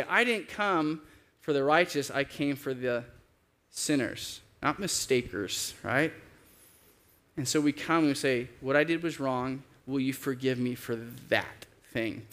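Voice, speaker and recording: A man in his thirties delivers a sermon in a voice pitched a little higher than most men's. He speaks earnestly and changes his pace, drawing out the phrases he wants his listeners to hold on to. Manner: earnest, varies pace, slows for emphasis. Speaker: pastor.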